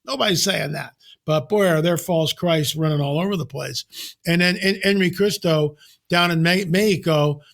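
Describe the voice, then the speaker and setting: An older man speaking as a podcast guest, telling stories in an emphatic, animated way with sudden exclamations. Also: fairly high pitch, vocal fry. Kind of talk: casual podcast conversation.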